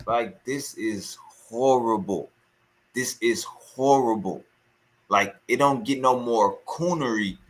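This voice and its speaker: A man's voice: medium pitch, a bit bright. A man reacting to a clip in heated, scornful casual commentary, repeating himself as he rants. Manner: heated, scornful, repetitive ranting.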